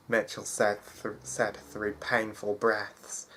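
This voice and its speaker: A man reading a fantasy story aloud in a halting way, with frequent restarts. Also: on the low side, steady tone, fairly bright tone. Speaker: narrator.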